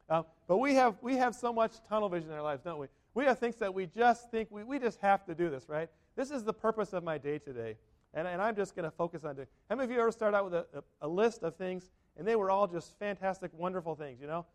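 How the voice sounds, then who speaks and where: This male pastor has a high voice and talks fast, preaching in a conversational way. He often questions the congregation directly and dramatizes quotes.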